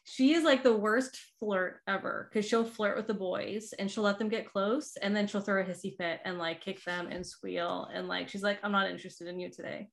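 A woman's voice: mid-range voice, fairly even intonation, normal speed, creaky, hardly any pauses. A woman in her thirties from the Boston area, chatting casually and laughing often, with lots of "like" fillers. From Boston area, Massachusetts. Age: 30s. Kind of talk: casual chat.

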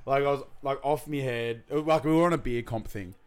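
A man's voice: mid-range voice, fairly quick, smooth. A man, co-hosting a podcast in casual chat, telling rowdy stories with laughs and swearing. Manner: laughing storyteller, swears freely. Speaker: podcast co-host.

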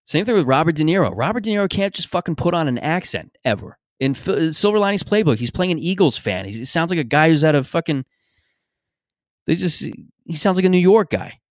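A man's voice: a little high, expressive, fairly quick, no echo, clean studio sound. A man hosting a podcast in a casual, rambling, opinionated monologue, swearing freely. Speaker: podcast host.

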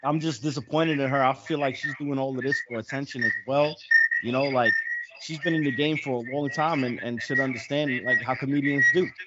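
Man, panelist, casual chat, measured and filler-heavy, dull audio, loud noise. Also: mid-range voice, steady tone. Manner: measured, many "you know" fillers. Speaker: podcast panelist.

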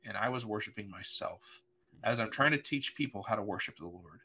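Earnest pastor, bright voice. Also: male voice, on the low side, animated, brisk, breathy edge. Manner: earnest, emotional, vivid retelling with voiced quotes. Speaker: pastor, podcast guest. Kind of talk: personal storytelling in conversation.

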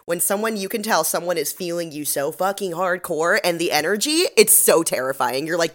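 A woman co-hosting a podcast, recapping a TV episode in giggly, animated casual chat. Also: fairly low pitch, normal speed. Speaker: podcast co-host.

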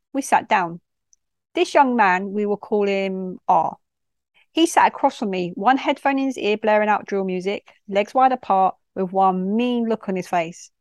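A woman's voice: medium pitch, no echo, studio quality. A woman, a youth worker reading a personal story in a direct, no-nonsense way. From London.

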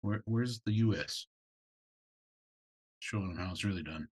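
A man's voice: fairly low pitch, normal speed, breathy edge. A man co-hosting a casual reaction chat, dropping short dry quips and laughing often. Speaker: co-host reacting to videos. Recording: faint music behind.

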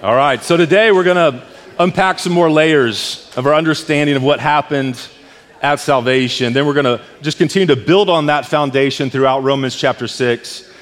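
Male pastor, mid-high voice, emphatic sermon delivery, long church reverb. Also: moderate pace, a bit bright. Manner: emphatic, repeats words when stressing a point. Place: church sanctuary.

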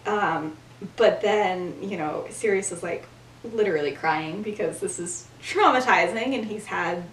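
A woman's voice: medium pitch, a little slow, distant mic, a little hiss or hum. A young woman hosting a casual podcast, animatedly retelling a story and acting out the characters' lines, laughing often. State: has the hiccups. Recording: echoey room, voice a bit off-mic.

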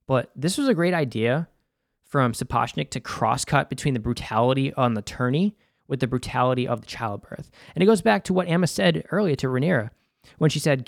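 A man's voice: medium pitch, a little fast, no echo, studio quality. Casual young man recapping with a Boston accent. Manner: loose and conversational, swears freely, many fillers. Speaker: host.

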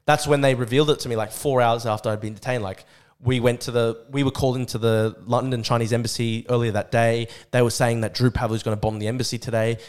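A young Australian man, a podcast guest, telling a story in a rapid, profane, excitable way. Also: medium pitch, clear, resonant tone. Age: young adult. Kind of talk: casual storytelling.

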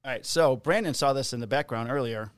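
A man's voice: mid-range voice, a little fast, clean tone, no echo. A man co-hosting a casual podcast, rambling through stories, jokes and a sponsor read. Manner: joking, rambling storyteller. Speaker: podcast co-host. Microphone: studio podcast mic.

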